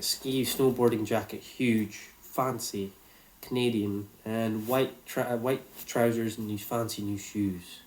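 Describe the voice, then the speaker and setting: A man, telling a personal story in a casual, reflective way, swearing freely. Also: mid-range voice.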